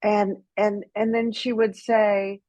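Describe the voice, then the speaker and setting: A middle-aged woman, a guest author, telling candid stories in an animated way and acting out quoted lines. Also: mid-range voice, slow pace, no room sound. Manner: animated, acts out quoted dialogue with laughs. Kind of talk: candid conversational storytelling.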